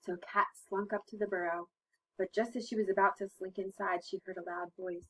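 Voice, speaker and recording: A woman teacher reading a children's picture book aloud, gentle and expressive. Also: medium pitch, brisk, breathy edge, low-quality recording. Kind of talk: storybook read-aloud.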